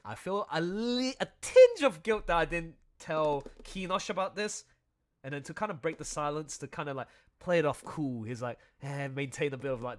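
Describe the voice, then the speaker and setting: Excitable guy rambling on a livestream, kinda high voice, bouncy pitch, laughs a lot. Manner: excitable, chatty, laughs often. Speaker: creator commenting on his audio drama. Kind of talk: casual commentary livestream.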